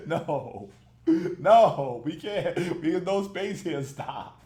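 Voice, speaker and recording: Male reaction-video host, high and roomy-sounding, blunt and profane, laughs a lot. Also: expressive, slow, a little mellow. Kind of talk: casual ranting commentary.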